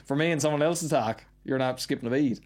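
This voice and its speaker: A man with a Newfoundland accent, chatting casually as a podcast guest in a quick, rambling way, often tagging "right?" onto his sentences. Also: mid-range voice, darkish tone. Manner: rapid, rambling storyteller with frequent "right?" tags. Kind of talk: casual chat.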